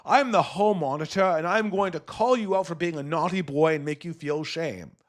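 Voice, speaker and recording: A man's voice: fairly high pitch, moderate pace, natural voice. A man mimicking a self-important male TV host in a mock-stern, lecturing way.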